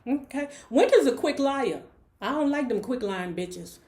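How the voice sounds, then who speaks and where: A woman's voice: high voice, lively intonation, measured pace, darkish tone. A woman in her forties, hosting a book club, retells a novel in casual talk with sassy, blunt, profane asides. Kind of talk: casual story recap. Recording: roomy echo.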